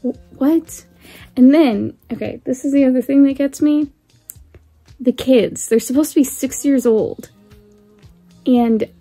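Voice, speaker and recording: Chatty lady vlogging about books, kinda high pitched, laughs a lot. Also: warm tone. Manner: chatty, candid, laughs often. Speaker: book vlogger. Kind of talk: casual chat to camera.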